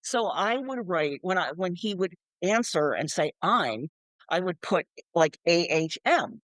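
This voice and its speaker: A woman's voice: lowish voice, expressive, measured pace, dry recording. An older woman, an author being interviewed, chatting animatedly and acting out quoted voices with frequent laughs. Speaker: author and guest. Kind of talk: casual interview chat.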